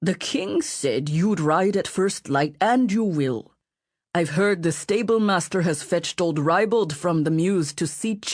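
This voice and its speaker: A woman voicing a gruff, sardonic male butler, blunt and scolding. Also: fairly low pitch, no room sound, clean studio sound.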